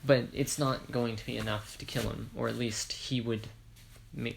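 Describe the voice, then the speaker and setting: Gravelly man rambling through a story. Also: mid-range voice, steady tone, normal speed, a little hiss or hum. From Ireland. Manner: rambling, self-correcting, jokey asides. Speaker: fan storyteller. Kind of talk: casual spoken retelling of a fan story.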